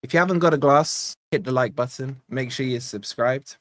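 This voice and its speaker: A man's voice: medium pitch, normal speed, dry recording, clean studio sound. A young man hosting a live football fan stream, brash and mocking, worn out from little sleep. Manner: brash, mocking, excitable banter. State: tired from lack of sleep. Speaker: football fan channel host.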